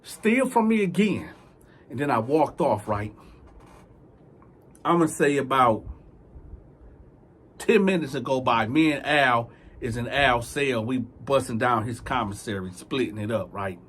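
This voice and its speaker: A man's voice: mid-range voice, a little slow, pauses often, fairly bright tone, slightly rough. A man telling a profane, emphatic prison story and acting out the people in it. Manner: profane, emphatic, acts out every character. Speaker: storyteller, channel host.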